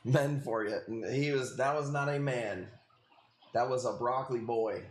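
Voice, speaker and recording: A livestream host in his late thirties rambles casually through a story, swearing plenty and saying "dude" constantly. His mid-range voice moves at a normal speed, and the sound is reverberant.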